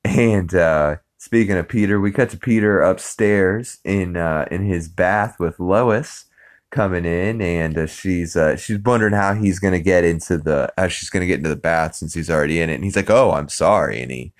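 Male podcast host, deep voice, casual rambling recap full of fillers. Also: normal speed.

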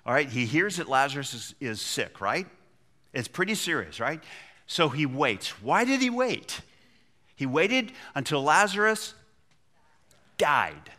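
A male pastor preaching with a lively, swooping delivery. His voice is bright and forceful, pitched a little high, and he drops into acted-out voices as he retells the stories. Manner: animated storytelling, acting out voices of biblical figures. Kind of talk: sermon.

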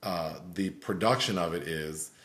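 A man with a lowish voice talks through a film review in loose, casual chat, circling his points with lots of fillers. The sound carries a noticeable room echo. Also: a little slow, fairly bright tone. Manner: rambling, filler-heavy critique. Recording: roomy echo.

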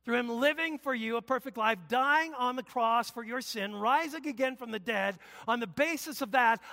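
A male pastor giving a conversational sermon, with emphatic bursts and loud exclamations, in a church. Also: very high-pitched, moderate pace, creaky, few pauses, big-room sound. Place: church sanctuary.

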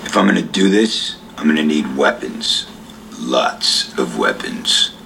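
A gruff vampire hunter in a movie scene, his voice extremely deep, gravelly and dragged out word by word. The line sounds set back from the mic, with faint room ambience behind it, as in a film clip played on a podcast. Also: animated, a little slow, far from the mic, noisy background, full character voice. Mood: demanding.

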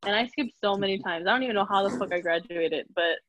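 A young woman in casual chat, relaxed and candid, laughing often. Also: mid-range voice, fast talker. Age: young adult. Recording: dry, dull lo-fi mic.

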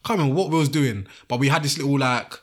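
A man's voice: mid-range voice, very fast. A young man, telling a childhood story in a laid-back casual chat.

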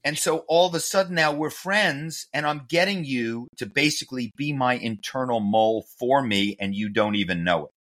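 A man from the Philadelphia area, a guest telling stories in an animated, self-amused way in an interview. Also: medium pitch, moderate pace, hardly any pauses. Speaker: guest, author and former corporate spy. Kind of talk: conversational interview storytelling.

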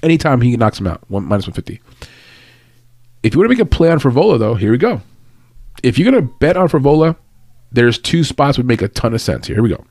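A man's voice: mid-range voice, big pitch swings, fast talker, pauses often, a little mellow, no room sound, studio quality. A man hosting a casual fight-picks show from his computer, loose and conversational, punchy when making his betting picks. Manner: hyped, emphatic and punchy in the picks. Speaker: host giving fight picks and betting tips. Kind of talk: casual podcast breakdown. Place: home office at a computer. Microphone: desk mic, no edits.

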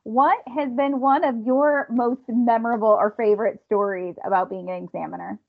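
A woman hosting an interview, encouraging her guests with short replies and asking follow-up questions. Her voice is breathy and fairly high. The audio sounds dull and muffled. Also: steady tone, normal speed. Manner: encouraging, responds with short backchannels.

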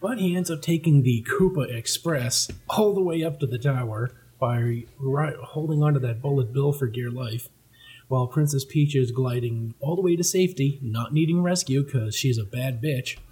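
Male host, husky voice, casual comic read-through with a laugh. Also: mid-range voice, moderate pace, a little mellow, low-quality recording. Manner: laughing, joking commentary.

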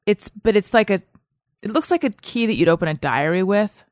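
A woman with a mid-range voice and lively intonation speaks briskly in clean studio sound with no room sound. She hosts a podcast, chatting casually in a playful, rambling manner.

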